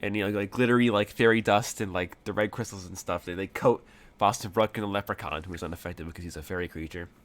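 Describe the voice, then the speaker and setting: A man runs a tabletop game, narrating in a somewhat low voice. He wanders through his descriptions, full of fillers and restarts. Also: fast talker. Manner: rambling, many fillers. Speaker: game master.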